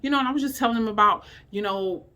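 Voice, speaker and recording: A middle-aged woman at home, talking candidly to her viewers in a rambling, emotional way, sounding weary and low. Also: quick pace, bright, forceful tone. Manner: emotional, heartfelt, rambling with many fillers. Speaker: vlogger. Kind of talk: candid personal vlog talk. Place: indoors at home.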